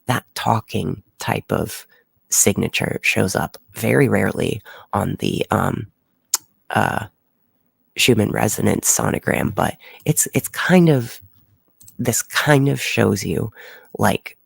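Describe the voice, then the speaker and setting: Gravelly livestream host, rambling explainer. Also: male voice, on the low side, slow pace, dry recording. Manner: rambling, full of fillers and restarts. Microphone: close microphone.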